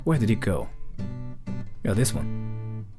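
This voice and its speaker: A man's voice: lowish voice, sing-song, takes it slowly, over music. A man casually reading out donations on a live stream, rambling and joking in a playfully awkward way.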